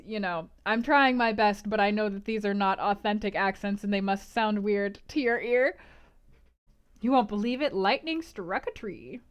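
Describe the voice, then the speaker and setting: A woman's voice: on the high side, smooth. A woman streaming, chatting with her viewers and reading a novel aloud in a bubbly, giggly way. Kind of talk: casual stream chat and read-aloud narration.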